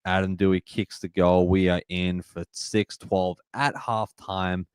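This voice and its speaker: A man hosting a live match-reaction stream, excitable and emotional, shouting at big plays. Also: sits low, unhurried, clean tone, no echo, clean studio sound.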